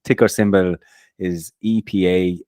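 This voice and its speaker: Deep-voiced man, casual podcast host. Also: steady tone, a little slow, warm tone, no room sound, studio quality. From Ireland. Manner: upbeat, repeats words when starting sentences. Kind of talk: casual chat.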